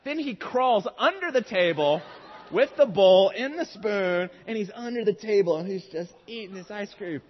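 A man in his thirties preaches in a large hall, telling a self-mocking personal story in a fairly high voice. The sound is dull and carries a long reverb. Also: expressive, moderate pace. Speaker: pastor.

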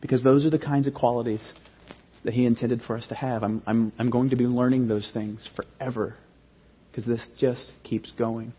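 A man in his thirties preaching a sermon as pastor, emphatic and animated, often restarting his phrases. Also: mid-range voice, moderate pace, husky. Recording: dull sound with long hall reverb.

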